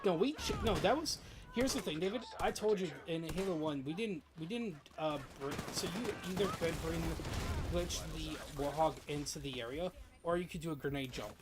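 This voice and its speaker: A young man streaming a game, telling a rambling, excitable story with lots of swearing in casual chat. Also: on the high side, moderate pace, background noise.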